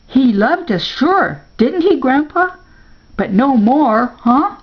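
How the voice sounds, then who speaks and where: A woman's voice: sits high, very animated, slow, slightly rough, lo-fi sound, pitched above the performer's own voice, full character voice. A woman doing an eager young boy's voice. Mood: pleading. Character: young boy, eager and wondering.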